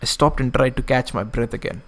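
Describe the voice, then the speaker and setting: A man's voice: mid-range voice, brisk, fairly bright tone. A man streaming, reading a visual novel aloud and breaking off for casual asides. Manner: casual asides, self-correcting.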